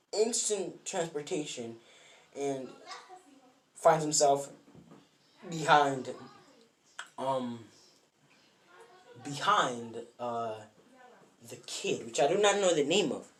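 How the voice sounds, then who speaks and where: A narrator telling a fan what-if story off the cuff at home, rambling with many fillers and self-corrections. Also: medium pitch. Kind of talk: casual improvised storytelling. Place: bedroom at home.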